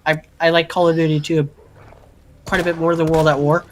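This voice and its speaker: A man's voice: fairly high pitch, level tone, fairly quick, a little hiss or hum. A man chatting on a gaming stream, hesitant and stammering as he speaks. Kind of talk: casual chat.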